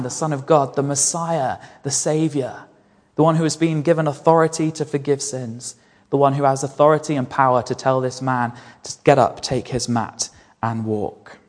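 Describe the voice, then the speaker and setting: A man's voice: mid-range voice, steady tone, moderate pace, a little mellow. A man preaching a sermon in an earnest way, repeating key phrases for emphasis. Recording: long reverb of a large hall.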